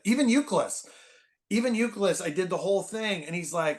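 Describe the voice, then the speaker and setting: Animated storyteller man, higher-pitched voice. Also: moderate pace. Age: 40s. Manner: animated storyteller, many fillers and restarts. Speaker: podcast guest. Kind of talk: casual podcast conversation.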